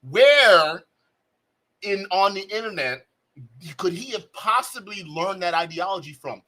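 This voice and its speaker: High bright-voiced man reacting live. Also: unhurried, poor audio. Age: adult, has a child. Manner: animated, mocking, breaks into laughter. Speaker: streamer reacting to a clip.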